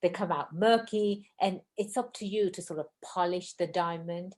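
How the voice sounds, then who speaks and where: Lady hosting a podcast, talks fast and gushes, lowish voice. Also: a little mellow. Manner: fast-talking, effusive. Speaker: podcast host. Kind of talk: casual interview chat.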